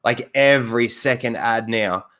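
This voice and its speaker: A man's voice: medium pitch, measured pace, fairly bright tone. A man co-hosting a casual podcast, sarcastic and crude. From Australia. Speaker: podcast co-host.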